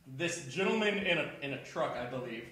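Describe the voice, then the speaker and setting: A young man from the Kansas City area, a podcast host telling a profane, animated story in casual chat. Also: medium pitch, brisk. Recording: echoey room with crowd noise.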